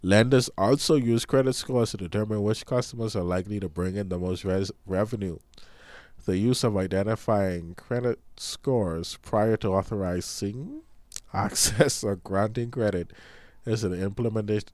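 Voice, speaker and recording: A man's voice: fairly low pitch, normal speed, a little mellow, no room sound. A man co-hosting a casual podcast, reading news items aloud with small stumbles and a slightly nasal voice from sinus trouble. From Bahamas. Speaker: podcast co-host.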